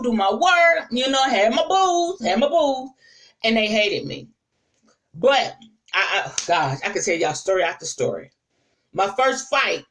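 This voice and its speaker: Lively woman preacher telling stories. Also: medium pitch, recorded from a distance, low-quality recording. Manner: lively and conversational, addresses listeners directly. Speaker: apostle. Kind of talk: storytelling sermon to a live audience.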